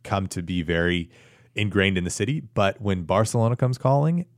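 A man chatting casually about soccer on a podcast, rambling with frequent restarts and animated asides. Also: lowish voice, moderate pace, no echo, clean studio sound. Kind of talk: casual sports chat.

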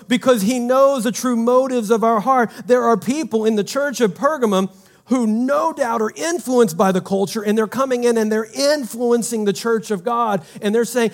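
A man preaching a sermon as pastor, emphatic and conversational, swinging from loud to hushed and asking the congregation questions. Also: high voice, moderate pace.

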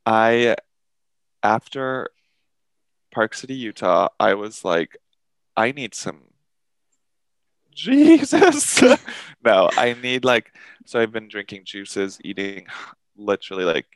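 A man co-hosting a podcast, telling a story in a casual, profane, animated way and acting out what others said. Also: fairly low pitch, unhurried, long pauses, smooth, dry recording, rough recording. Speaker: podcast co-host.

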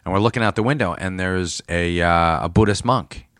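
A man's voice: sits low, fairly quick, a bit bright, dry recording, clean studio sound. An American man co-hosting a podcast, telling travel stories in laid-back casual chat with lots of fillers. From United States. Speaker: podcast co-host.

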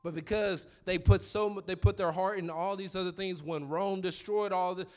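Male pastor, 30s, animated sermon storyteller with a slightly higher voice. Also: normal speed.

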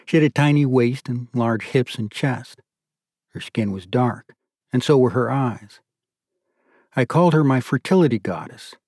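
A man narrating an audiobook in a measured, steady storytelling manner. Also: mid-range voice, husky, dry recording, studio quality.

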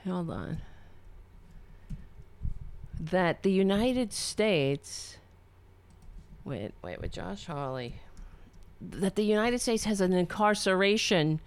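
Woman ranting at a clip, sarcastic, voice jumps all over, slow when she mutters. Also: medium pitch, expressive, clean tone. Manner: sarcastic, swings from loud ranting to muttering while searching. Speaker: commentator reacting to a video. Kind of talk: casual reaction commentary.

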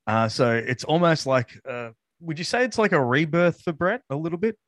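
A man's voice: fairly high pitch, lively intonation, moderate pace, no room sound, clean studio sound. A man co-hosting a casual podcast chat, rambling with many fillers and laughing easily. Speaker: podcast co-host. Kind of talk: casual chat reviewing wrestling.

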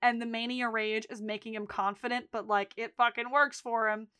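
A woman with a slightly high voice recaps a TV episode for her podcast co-hosts, talking emphatically and swearing freely. Her voice sits close on a dry mic with no room sound. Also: flat delivery, normal speed, sharp tone, smooth, dry recording. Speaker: podcast co-host.

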